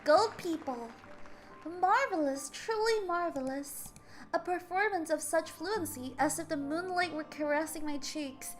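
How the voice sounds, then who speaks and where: Young woman, high voice, game streamer, reads dialogue aloud, stumbles and laughs, faint music behind. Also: a little slow. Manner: stumbles over words and laughs often; animated storytelling.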